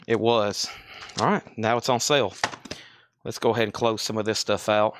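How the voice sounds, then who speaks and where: Excitable man hosting a live record sale. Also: fairly low pitch, normal speed, background noise. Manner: excitable, talks to himself. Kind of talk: live selling commentary.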